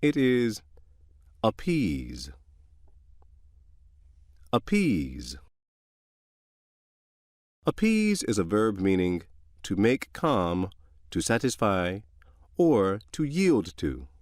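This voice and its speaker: A man reading vocabulary definitions aloud with example sentences, in a measured, deliberate way. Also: on the low side, wildly swooping pitch, dry recording, clean studio sound. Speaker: narrator reading word definitions.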